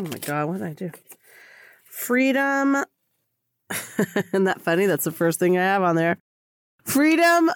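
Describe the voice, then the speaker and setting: A woman's voice: mid-range voice, no room sound. Dry-voiced woman hosting a solo podcast. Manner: animated, swears freely, laughs and talks to herself. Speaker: podcast host.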